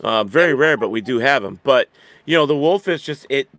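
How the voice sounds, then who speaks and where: A man chatting casually and rambling, full of restarts and easy laughter. His voice sits at a middle pitch and sounds dry and close, with little room around it. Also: animated, fairly quick, fairly bright tone, dry recording. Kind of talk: casual chat.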